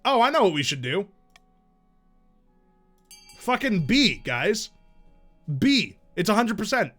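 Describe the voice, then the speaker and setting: A man's voice: high-pitched, big pitch swings, slow pace, fairly bright tone, soft background music. A man streaming a game live, thinking aloud in casual, profane chat.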